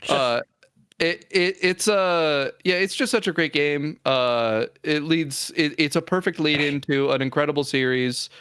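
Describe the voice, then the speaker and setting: Man, gaming podcast, lively storyteller, somewhat high, dry. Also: a little slow, smooth, no room sound. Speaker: podcast co-host. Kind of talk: casual gaming chat.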